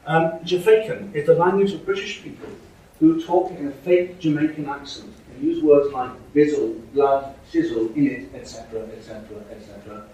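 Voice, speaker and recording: A man with a somewhat high, warm voice gives a university lecture at normal speed, frequently adding "okay?" and "right?". He's recorded from afar in an echoing lecture hall with faint noise.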